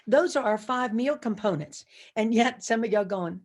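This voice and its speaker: A woman's voice: a little high, normal speed. A woman giving a motivational conference talk over video call. She speaks emphatically and with energy, repeats slogans and gets the audience to join in.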